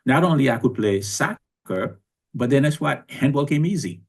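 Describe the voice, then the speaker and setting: A man's voice: mid-range voice, lively intonation, moderate pace, creaky, slightly rough. A man in his sixties from Haiti, telling his life story in a reflective, conversational way as an interview guest. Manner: reflective, conversational, with frequent restarts.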